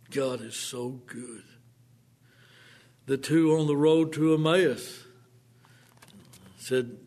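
A man preaching a sermon, fervent and dramatic, swinging between hushed tones and impassioned appeals. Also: mid-range voice, extremely slow, long pauses.

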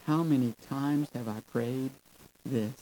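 A male preacher delivering a sermon at an unhurried, deliberate pace. He stretches key words, then swells abruptly louder to drive a point home, and calls out to his listeners as folks and friends. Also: mid-range voice, rough recording. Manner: emphatic, drawn-out phrases with sudden swells in loudness; addresses the audience as folks and friends.

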